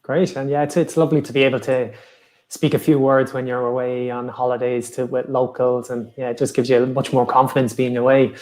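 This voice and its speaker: A man hosting a live online interview, asking steady, encouraging questions. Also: mid-range voice, a little fast. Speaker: host.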